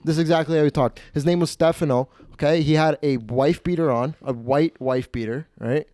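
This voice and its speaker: A man's voice: on the high side, moderate pace, darkish tone, no room sound, studio quality. A man hosting a podcast, telling a rambling, profane comedy story. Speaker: podcast host.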